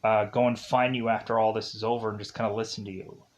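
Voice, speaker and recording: A man's voice: on the low side, flat delivery, fast, close to an everyday voice. Man doing a kind army captain, offhand, casual, filler-heavy.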